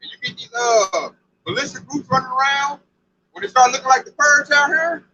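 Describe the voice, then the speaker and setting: Brief: excitable male preacher, very high lively voice, bright edge, dull lo-fi recording. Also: fairly quick, slight background noise. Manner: excitable, exclaims and riffs loosely. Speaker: street preacher. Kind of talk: informal preaching chat.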